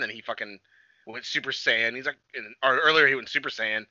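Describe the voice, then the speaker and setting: Very bright-voiced man joking in casual chat. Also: medium pitch, no echo, dull audio. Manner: joking, exclaims and curses, quick reactions.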